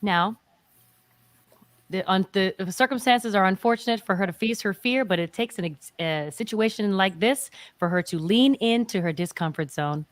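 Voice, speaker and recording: A woman's voice: mid-range voice, normal speed, dry recording. A woman hosting a talk show, chatting casually and playfully teasing her co-hosts.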